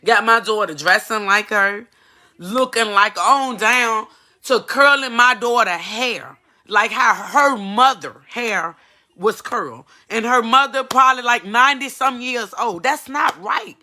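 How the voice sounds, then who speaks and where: A woman speaks straight to the camera in an emotional personal testimony. Her tone is bright and forceful, earnest and pleading, and she repeats lines to drive them home. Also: fairly high pitch, a little slow. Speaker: mother giving a personal testimony.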